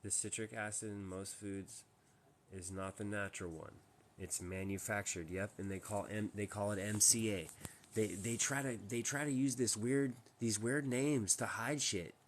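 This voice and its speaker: A man's voice: lowish voice, fairly even intonation, moderate pace, a little hiss or hum. A man hosting a casual live stream from home, talking in a rambling, emphatic way with many restarts. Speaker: livestream host.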